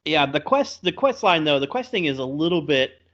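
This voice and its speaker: A man co-hosting a casual game review podcast, telling stories in a chatty, animated way. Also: a little high, moderate pace. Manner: chatty, animated storytelling with laughs. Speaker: podcast co-host. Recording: slightly dull lo-fi audio.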